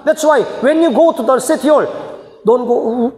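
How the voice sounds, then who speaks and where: Speaking at normal speed in a very high, slightly mellow voice, this man is a senior pastor instructing church leaders. The seminar sermon comes in choppy, emphatic phrases that swell into bursts, with echoey hall reverb.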